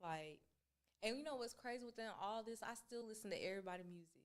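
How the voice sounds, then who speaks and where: A woman talking as a guest in a casual interview. She tells stories in an animated, slangy way, with lots of filler words and acted-out quotes. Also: on the high side, quick pace. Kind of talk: casual chat.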